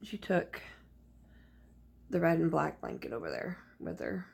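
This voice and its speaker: A woman's voice: deep voice, sing-song, a little slow, creaky, a little mellow, husky. A woman vlogger speaking into her phone camera, telling a personal story in a rambling, confiding way with many restarts.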